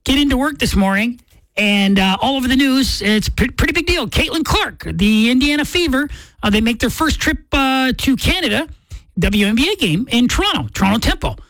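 Chatty woman radio host, lively. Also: high voice, fairly quick, dry recording. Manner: chatty storytelling, playful. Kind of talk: casual radio chat. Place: radio studio.

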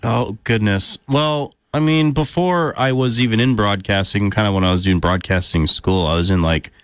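A man co-hosting a radio show, easygoing and quick with joking replies in casual chat. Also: lowish voice, clear, resonant tone, no echo, clean studio sound. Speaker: radio co-host.

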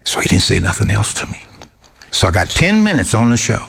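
Gravelly older man telling a story. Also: lowish voice, fairly quick. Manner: animated storyteller, colloquial, voices the people he quotes. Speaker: interview guest. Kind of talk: anecdotal storytelling.

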